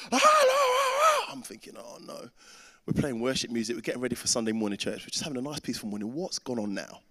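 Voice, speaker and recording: This is a man in his thirties preaching, with a middle-pitched voice that swings widely as he tells his story. He acts out the other people in his story as he goes. His voice rings out with the long reverb of a large hall. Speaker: pastor. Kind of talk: sermon with a personal story.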